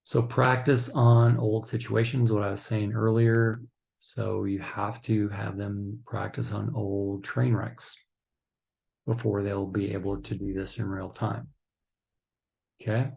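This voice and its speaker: A man's voice: lowish voice, little pitch movement, slow pace, creaky, a little mellow. A man giving a recorded training lecture for counselors, teaching in an instructive way and often checking in with "okay?". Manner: acts out couples' lines in quotes.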